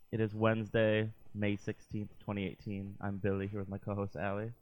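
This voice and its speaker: A man hosts a casual podcast in a very low voice. He jokes around with his co-host and keeps the banter playful. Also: completely flat delivery, a little fast, hardly any pauses, low-quality recording. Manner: playful, joking.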